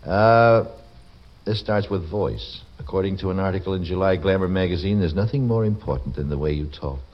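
A man's voice: low voice, fairly quick. A man hosting a radio show, joking wryly and reading letters and ads in folksy patter. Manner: wry, folksy, teasing. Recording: dull old radio broadcast, faint hiss.

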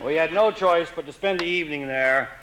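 A man telling comic stories in a dry, wry, deadpan way. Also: on the high side, brisk, noisy background. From Canada. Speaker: humorist. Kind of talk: comic storytelling.

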